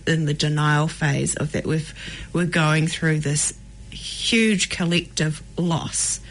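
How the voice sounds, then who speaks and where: Low-voiced, hesitant New woman. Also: gravelly, rough recording. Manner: reflective and hesitant, with many fillers. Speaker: podcast co-host. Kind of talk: casual podcast chat. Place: studio.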